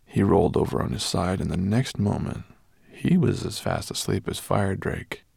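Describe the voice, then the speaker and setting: Low, gravelly-voiced male audiobook narrator. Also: animated, normal speed, darkish tone, dry recording, studio quality.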